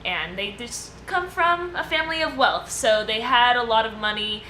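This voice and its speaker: Chatty woman presenting her bit on a casual podcast, lots of ums, bright tone, roomy echo. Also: on the high side, moderate pace. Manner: chatty and loose, hesitant with many fillers, laughs easily. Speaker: co-host presenting a segment. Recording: echoey room with steady background noise.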